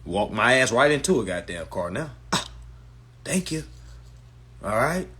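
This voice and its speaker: A man hosting a casual phone livestream, talking in a brash, profane, animated way and slipping into mocking voices. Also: medium pitch, a little slow. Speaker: livestream host giving legal advice.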